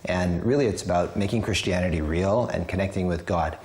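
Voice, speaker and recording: A male host with a very deep voice leads a faith-based interview, prompting his guest with questions. He fills the gaps with frequent short words of agreement. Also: brisk, a little mellow. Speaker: TV show host.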